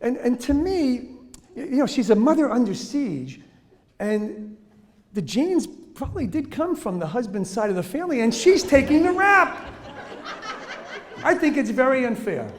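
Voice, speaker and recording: A man's voice: very high voice, very animated, normal speed. A man giving a humorous lecture to teachers on children's behavior, joking, laughing often and acting out examples.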